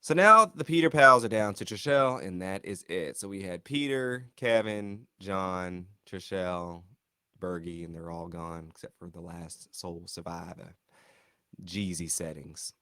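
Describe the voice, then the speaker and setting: Male reviewer, casual recap commentary, slightly low pitch, dry close mic, animated delivery. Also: unhurried, smooth, no echo. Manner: animated, mimics cast members in high voices. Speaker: show reviewer.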